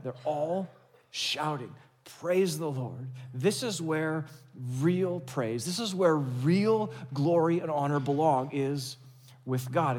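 A male pastor preaching a sermon in an emphatic, conversational way, asking his listeners rhetorical questions. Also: high voice.

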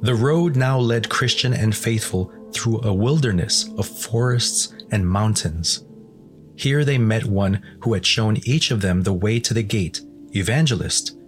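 A man narrating a storybook in a measured, plain way. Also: on the low side, soft background music.

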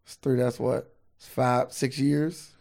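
A man's voice: mid-range voice, little pitch movement, takes it slowly, creaky, a little mellow. A man co-hosting a podcast, chatting loosely and with plenty of swearing, sometimes reading facts aloud. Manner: loose, profane, reads facts aloud from a screen. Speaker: podcast co-host. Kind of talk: casual chat.

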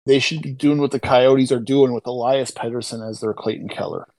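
A man's voice: medium pitch, fairly even intonation, fairly quick, darkish tone, dry recording, rough recording. A man co-hosting a sports podcast, talking in an exasperated, incredulous tone. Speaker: podcast co-host. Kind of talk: casual chat.

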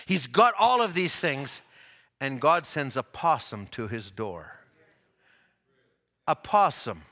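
A man preaching a sermon, telling stories with rising excitement and dropping to soft, low tones for tender moments. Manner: animated storytelling, voice climbing high at dramatic moments.

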